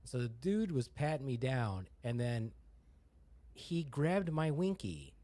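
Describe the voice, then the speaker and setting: Lively middle-aged man telling a story. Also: mid-range voice, slow pace, no echo. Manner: lively storyteller who acts out quoted voices. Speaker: podcast co-host. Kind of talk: casual chat.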